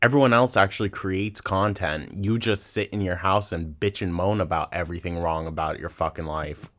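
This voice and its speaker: A man's voice: sits low, moderate pace, a bit bright. A man hosting a reaction video, mocking and swearing in a sarcastic, casual way. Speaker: reaction channel host.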